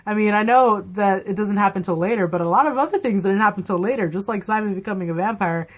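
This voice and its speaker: A young woman at home reviewing a TV episode in casual fan chat, excitable and gushing, her voice swinging widely as her feelings run high. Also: fast. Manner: excitable, gushing, with big emotional swings in pitch. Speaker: TV show reviewer.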